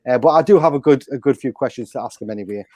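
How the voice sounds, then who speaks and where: A man's voice: mid-range voice, very fast, a little mellow, no echo, studio quality. A man hosting a fan live stream, chatty and joking, often restarting his sentences. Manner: chatty, jokey, stumbling restarts. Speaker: host. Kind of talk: casual live-stream chat.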